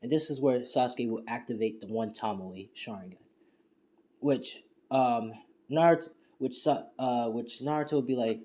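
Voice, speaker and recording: Rambling young-sounding man, mellow voice. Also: mid-range voice, normal speed. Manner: rambling, heavy on fillers like "you know" and "and stuff". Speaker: fan storyteller. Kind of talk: casual spoken fan-fiction retelling. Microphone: home screen-recording setup.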